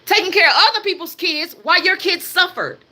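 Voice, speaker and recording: A young woman from the United States streaming live and ranting, her voice high and sharply bright. She is blunt and emphatic, swears freely and drives each point home by repeating it. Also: lively intonation, a little fast. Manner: blunt, emphatic and profane, hammering points with repetition. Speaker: livestream host. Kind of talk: heated livestream rant.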